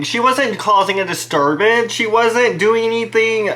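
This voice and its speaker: Man, reaction host, bright forceful tone, opinionated, indignant. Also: sits high, unhurried, hardly any pauses. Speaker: commentary host. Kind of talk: reaction commentary.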